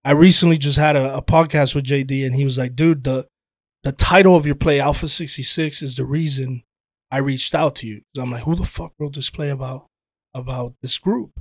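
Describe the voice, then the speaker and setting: A man chatting casually as a podcast guest, telling animated stories, swearing freely and calling people "dude". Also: medium pitch, a little fast, no room sound, clean studio sound. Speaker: guest, actor and playwright.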